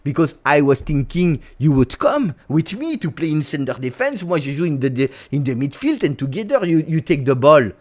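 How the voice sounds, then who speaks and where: A man's voice: fairly high pitch, big pitch swings, moderate pace, few pauses, darkish tone. A man impersonating a chatty young male French footballer, with a put-on French accent, who coaxes a teammate and slips French words into his English. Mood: explaining. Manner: coaxing, playful, mixes French words into English.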